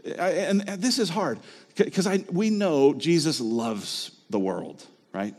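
A man's voice: on the high side, measured pace, long reverb tail. Conversational man preaching a sermon. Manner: conversational, animated preaching with rhetorical questions. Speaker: pastor.

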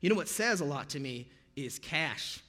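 American male pastor, slightly raised pitch, chatty sermon delivery with jokey asides, echo of a big hall. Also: expressive, moderate pace, pushed and bright. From United States. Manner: conversational, with jokey pop-culture asides.

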